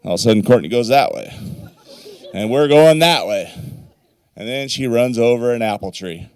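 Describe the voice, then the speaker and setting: At a wedding reception, a middle-aged father of the bride gives a rambling, folksy toast, swearing casually and sometimes choking up, his voice wavering near tears. His mid-range voice is clear and resonant, with lively intonation and a moderate pace, and there's no room sound.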